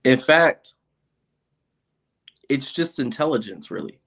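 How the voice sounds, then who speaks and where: A man in a relaxed interview, talking with lively energy and laughing easily as he tells stories. His voice sits in an ordinary middle pitch, and his manner is open and chatty. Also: slow pace, vocal fry. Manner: animated storyteller, laughs often. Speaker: interview guest. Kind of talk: casual chat.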